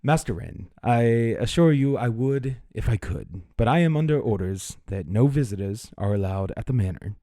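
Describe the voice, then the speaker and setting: A man's voice: lowish voice, animated, moderate pace, hardly any pauses, warm tone, dry recording, clean studio sound. A man doing a prim, formal butler. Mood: politely firm. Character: fussy proper male butler.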